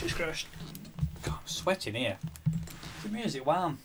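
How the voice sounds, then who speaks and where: A man's voice: fairly high pitch, big pitch swings, moderate pace. Male streamer, casual muttering delivery, faint music underneath. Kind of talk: casual live-stream chat while gaming.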